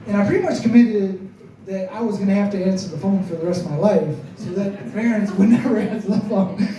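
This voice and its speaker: A man's voice: high voice, fairly quick, mellow, slight background noise. Man telling a funny story in an echoey room. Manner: chatty, self-mocking, laughs through his lines. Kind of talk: live comedic storytelling. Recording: echoey room, mic far off.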